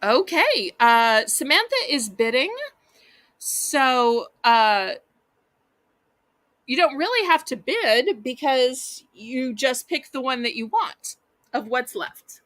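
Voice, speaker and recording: A woman's voice: high-pitched, lively intonation, slow, fairly bright tone, dry recording. A woman with a Southern US accent hosting a live online auction, chatting in a folksy way and talking straight to her viewers. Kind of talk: live-stream auction selling.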